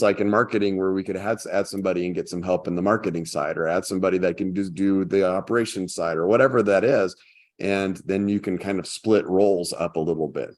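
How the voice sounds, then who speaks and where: A man with a very low, deep voice talks through workplace ideas in a relaxed podcast chat. He rambles a little, restarting phrases as he thinks aloud. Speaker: podcast co-host, consultant. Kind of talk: casual business chat.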